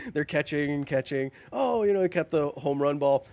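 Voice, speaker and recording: Animated, jokey man streaming a game. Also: a little high, measured pace, gravelly, no room sound. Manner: jokey, animated, laughs often, chats with viewers. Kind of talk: live gameplay commentary.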